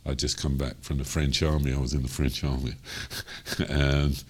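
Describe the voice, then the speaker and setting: Very deep-voiced older Cockney man. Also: flat delivery, normal speed, breathy edge. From London, England. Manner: rambling, many ums and you-knows, chuckles as he talks. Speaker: jazz singer. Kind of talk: interview storytelling.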